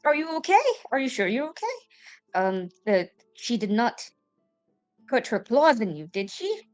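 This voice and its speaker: A woman voicing an anxious, devoted hoofed creature who fires off fretful questions in a higher voice than her own. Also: big pitch swings, moderate pace, faint music behind. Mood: worried.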